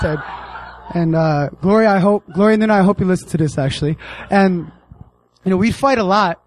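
A young American man giving a casual, animated sermon, acting out the characters in his story. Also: high-pitched, brisk, a little hiss or hum, poor audio. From United States. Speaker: preacher.

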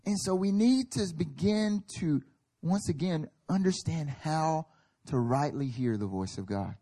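A man's voice: fairly high pitch, lively intonation, unhurried, dark tone. A male pastor preaching a sermon at a church service, emphatic and building in intensity, acting out little quoted voices.

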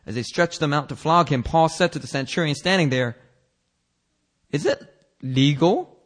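A male pastor preaching a casual, animated sermon, acting out Bible characters in changing voices and using slang. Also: on the high side.

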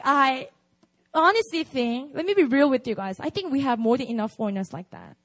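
A woman's voice: sits high, animated, normal speed, a bit bright. A woman with a Korean accent preaching at a prayer meeting in a candid, conversational way, full of "like" and "you know".

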